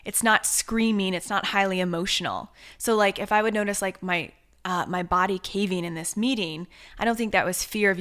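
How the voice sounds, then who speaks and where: A woman's voice: medium pitch, fairly quick. A young adult woman, an author and coach, talking earnestly and reflectively as a podcast guest. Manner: earnest, reflective, animated when quoting herself. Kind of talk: conversational interview.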